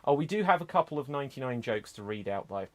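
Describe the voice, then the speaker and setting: Man, improv show host, upbeat, loose and chatty, mid-pitched voice. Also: sing-song, fast talker. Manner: upbeat, loose, lots of fillers and asides. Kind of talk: chatty hosting of an improv game.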